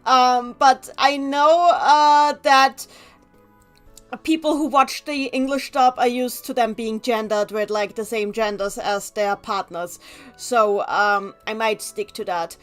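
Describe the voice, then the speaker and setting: Woman streaming a game, chatty n rambly, high voice, bit of music under it. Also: fairly even intonation, slow, fairly bright tone. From Germany. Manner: chatty, reads chat aloud, rambling asides. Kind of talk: gameplay livestream commentary.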